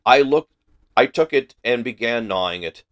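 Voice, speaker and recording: A man hosting a book club livestream, reading a classic novel aloud in a careful, measured way. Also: medium pitch, animated, fairly bright tone.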